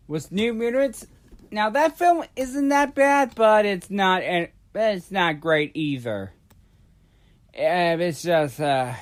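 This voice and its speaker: Male vlogger, high voice, unhurried, halting casual rant with lots of fillers. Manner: rambling, halting, many fillers and restarts. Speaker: YouTube vlogger.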